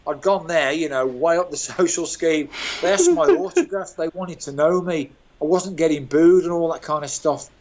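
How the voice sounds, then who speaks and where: A man in his sixties tells lively, self-mocking stories as an interview guest, his voice sitting a bit high for a man. The sound is dull and lo-fi, like audio from a call. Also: normal speed, few pauses. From England, Birmingham. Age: 60s. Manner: animated, self-mocking anecdotes. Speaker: guest, former footballer. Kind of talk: storytelling interview.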